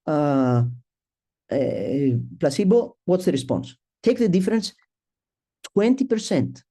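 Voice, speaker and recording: A middle-aged man presenting a statistics talk at a symposium, speaking haltingly, restarting sentences and thinking aloud as he works through his slides. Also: sits high, big pitch swings, dark tone. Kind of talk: academic statistics lecture.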